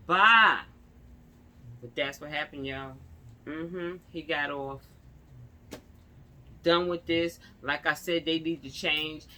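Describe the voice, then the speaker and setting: A young New York vlogger rants and tells a story in casual street slang, acting out the people she quotes. Her voice is low with a sharp tone.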